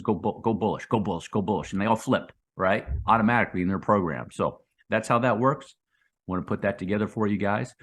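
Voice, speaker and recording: A man's voice: fairly low pitch, fairly bright tone. A middle-aged man hosting a crypto trading channel, explaining chart patterns in a loose, repetitive way and tagging lines with "okay?" and "right?". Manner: restarts and repeats phrases while sketching on a chart. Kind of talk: casual explainer talk to viewers.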